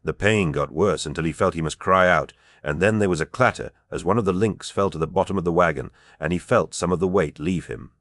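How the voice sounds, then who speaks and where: A man reading an audiobook as narrator, steady and measured. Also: deep voice, dry recording, clean studio sound. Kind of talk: scripted narration.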